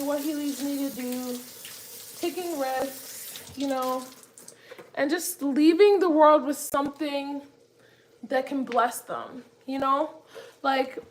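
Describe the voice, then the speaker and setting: A young woman cooks in her home kitchen while chatting casually and directly to her viewers, full of fillers and asides. Her voice is high, and the audio is poor with slight background noise.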